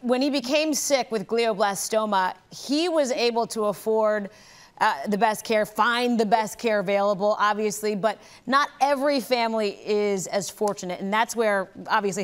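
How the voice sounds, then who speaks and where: A woman news anchor leading an interview with a polished, measured delivery. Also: mid-range voice.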